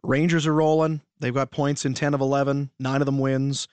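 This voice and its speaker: Male sports radio host, mid-range, slightly hoarse, dry booth, quick stat recaps. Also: medium pitch, flat delivery, darkish tone, no room sound. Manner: chatty, rattles off scores and stats. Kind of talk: casual radio banter and hockey recap.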